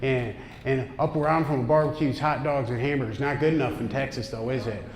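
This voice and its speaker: A man's voice: mid-range voice, fairly even intonation, a little fast. A man from upstate New York doing a stand-up comedy set on a club stage, with a brash, punchy delivery and asides to the crowd. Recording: echoey club room with noise. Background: audience laughter.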